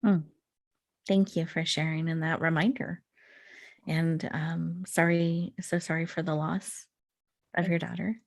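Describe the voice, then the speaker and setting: A woman hosting an online summit interview who affirms her guest and speaks in a measured, encouraging way. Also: low-pitched, flat delivery. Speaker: summit host.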